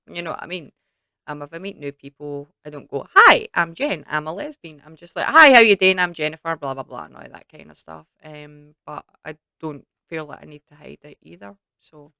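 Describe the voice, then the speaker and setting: A woman's voice: sits low, pushed and bright, smooth, no echo. A young woman with a Scottish accent chatting casually to camera in a Q&A, rambling with lots of fillers. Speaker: YouTube creator.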